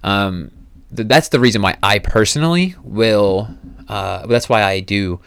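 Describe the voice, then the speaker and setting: A man's voice: fairly low pitch, measured pace, creaky, a bit bright, smooth. Casual, profane man hosting a podcast. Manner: casual, profane, self-coaching. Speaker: podcast host. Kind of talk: casual solo podcast advice.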